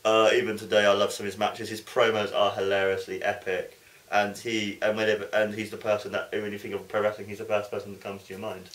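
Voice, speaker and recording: A man's voice: on the low side, completely flat delivery, fast, fairly bright tone. A young man co-hosting a casual chat, earnest and enthusiastic. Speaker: co-host. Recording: echoey room, far from the mic.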